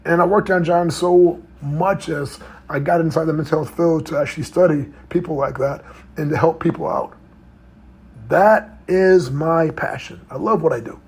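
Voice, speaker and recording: A man's voice: on the high side, a little mellow, breathy edge. A middle-aged man, a mental health coach, telling a personal story in a loose conversational way with frequent tag questions. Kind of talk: storytelling talk.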